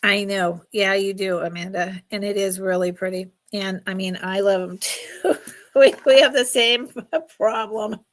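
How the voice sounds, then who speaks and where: A woman's voice: medium pitch, steady tone, a little slow. A middle-aged woman hosting a casual live jewelry sale, chatty and emotional, often laughing. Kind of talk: casual live stream selling.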